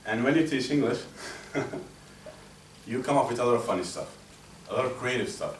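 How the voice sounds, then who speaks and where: A man's voice: medium pitch, normal speed. Man telling a humorous speech. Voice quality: animated, chatty storyteller. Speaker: club speaker. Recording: roomy echo, distant mic, faint hum.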